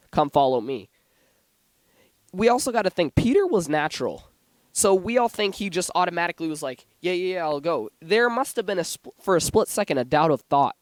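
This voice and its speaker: A man's voice: high voice, no room sound. A young man giving an informal Bible teaching in a church, chatty and given to asides and self-corrections. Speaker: lay preacher. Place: church sanctuary.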